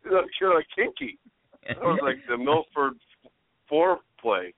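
A man co-hosting a podcast chat, playful and quick to crack jokes. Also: fairly high pitch, very animated, dry recording. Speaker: co-host. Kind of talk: casual chat. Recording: tinny phone-like sound, dry.

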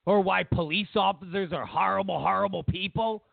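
A man's voice: high voice, normal speed, gravelly, no room sound. A man hosting a political talk show, ranting and mocking as he acts out quotes. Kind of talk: opinionated political commentary. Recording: tinny narrowband audio.

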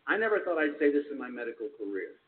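A man voicing a calm male doctor in a stand-up story, speaking gently and reluctantly. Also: medium pitch, fast talker, distant mic, lightly acted. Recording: tinny lo-fi with hiss.

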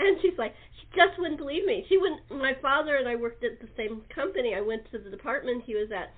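Animated woman host on a phone line. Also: high-pitched, fairly quick. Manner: laughing, animated storyteller. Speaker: talk show host. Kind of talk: casual chat.

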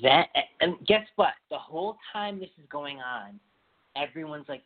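Woman, podcast host, casual chat, opinionated, animated, tinny phone-like audio. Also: low-pitched, moderate pace.

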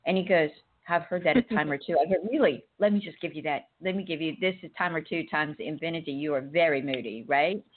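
A woman hosting a casual chat, telling lively stories and acting out dialogue with laughter. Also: low voice, fast talker, few pauses. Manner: animated storyteller, acts out dialogue with laughter. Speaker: host. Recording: tinny phone line.

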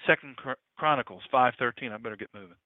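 A male pastor preaching a sermon in an impassioned style, his pitch swinging widely. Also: quick pace, no room sound. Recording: tinny phone-like dry sound.

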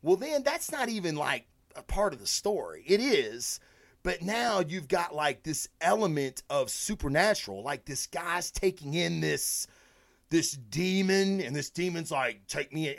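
Excitable, profane man reviewing comics. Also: fairly high pitch, creaky. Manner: excitable, profane, rambling storyteller. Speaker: comic book review host. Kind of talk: casual livestream review.

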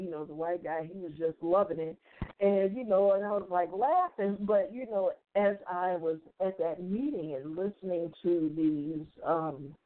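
A woman from the South Side of Chicago hosting a podcast, retelling events in a blunt, profane, animated way. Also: fairly low pitch. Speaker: podcast host. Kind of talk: casual storytelling commentary. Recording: tinny phone-like audio.

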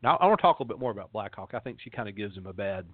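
A man's voice: on the low side, big pitch swings, rapid-fire, dry recording. Brief: male pastor-host reading old interviews aloud with casual asides, over a thin phone-like line. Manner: conversational, with frequent "you see" asides. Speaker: pastor and radio show host. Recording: tinny phone-like line, dry.

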